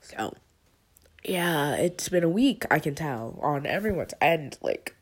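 After a long, emotional day, a stuffy-nosed young woman records a personal voice update, rambling openly and cursing. She speaks slowly in an animated, slightly rough voice, shifting from low mumbles to high tearful bursts.

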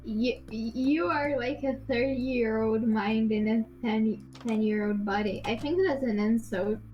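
Slow-talking teasing woman. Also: on the high side, steady tone, dull audio, faint music behind. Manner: blunt, teasing, laughs often. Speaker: voice chat participant. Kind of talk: casual gaming chat.

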